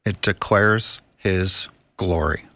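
Casting: man, low voice, earnest, preachy studio guest, dry mic. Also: takes it slowly, bright, forceful tone, no echo. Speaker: radio guest. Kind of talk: talk radio conversation. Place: radio studio.

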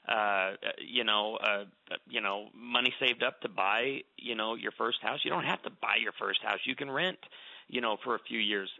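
A middle-aged man appears as a radio show guest speaking on marriage, earnest and conversational, often repeating words as he starts a thought. He has a mid-range voice with vocal fry, and the recording is dry and narrow, like a phone line, with no echo.

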